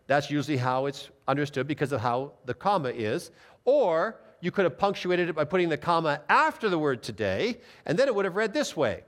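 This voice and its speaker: A man's voice: fairly high pitch, lively intonation, normal speed. A man preaching as a pastor, reading scripture aloud and explaining it in an emphatic teaching manner. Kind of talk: Bible teaching sermon.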